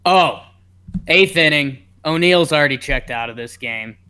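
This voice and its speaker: A man co-hosting a casual baseball podcast, reading the lineup and telling stories in a joking, animated way. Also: fairly high pitch, unhurried, clear, resonant tone. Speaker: co-host. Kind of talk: casual sports podcast chat.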